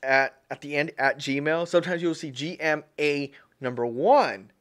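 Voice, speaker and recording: A man's voice: a little high, unhurried, fairly bright tone. A man hosting a casual tech-tips livestream, rambling and repeating himself, often calling his viewers "guys". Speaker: livestream host.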